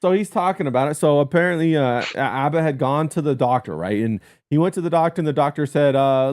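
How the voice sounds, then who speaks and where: A man's voice: a little high, fast, few pauses, a little mellow, no echo, clean studio sound. Man ranting crudely as podcast host. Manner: crude, storytelling rant with frequent fillers. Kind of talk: casual podcast chat.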